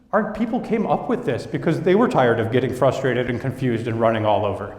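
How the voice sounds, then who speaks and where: A young man gives a business talk from a large hall, his slightly raised voice carrying a long, roomy reverb. He tells stories with energy and acts out his coworkers' lines as he goes. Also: a little high. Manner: lively storytelling, acting out quoted coworkers. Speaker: business speaker. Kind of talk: presentation to an audience. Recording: echoey hall.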